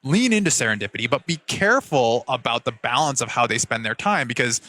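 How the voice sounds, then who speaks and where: A man's voice: mid-range voice, lively intonation, fairly quick, pushed and bright. A man hosting a podcast interview, asking earnest, candid questions. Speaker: podcast host. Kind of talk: conversational interview.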